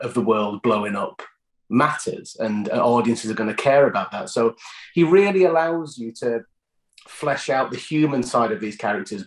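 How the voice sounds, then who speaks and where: A man's voice: medium pitch, reverberant, rough recording. A British man, an actor, answering interview questions in a chatty storytelling way, often restarting phrases.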